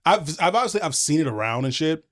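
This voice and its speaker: A man's voice: a little high, very animated, fast talker, fairly bright tone, no room sound, clean studio sound. A young man hosting a podcast, chatting casually and profanely while reacting to game clips, laughing often. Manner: laid-back, profane, laughs easily. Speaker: podcast host.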